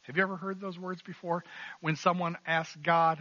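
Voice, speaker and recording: Male pastor, sermon, earnest, bright forceful tone, dry close sound. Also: high voice, flat delivery, moderate pace, dry recording, muffled recording. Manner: earnest, emphatic, repeating key phrases.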